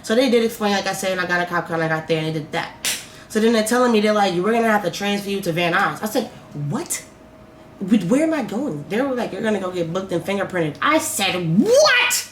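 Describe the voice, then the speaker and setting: A woman telling a personal story in a vlog, animated and profane, swinging between loud outbursts and slow, quiet musing. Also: mid-range voice. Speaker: vlogger. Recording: roomy echo, faint background noise.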